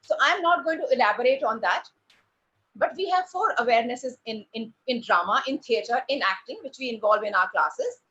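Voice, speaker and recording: A woman, a drama teacher presenting to parents, speaking with deliberate pauses and stressed words. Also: on the high side, expressive, pushed and bright. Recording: dull lo-fi recording.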